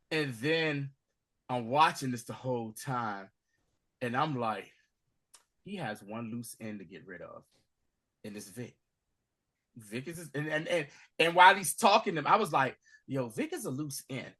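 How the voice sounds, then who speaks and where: A man hosting a casual recap, acting out scenes with slang and swings from loud to hushed. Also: mid-range voice, lively intonation, unhurried, pauses often. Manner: acts out scenes in dramatic voices, swinging from shouting to hushed; profane, street slang. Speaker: podcast host recapping a TV episode.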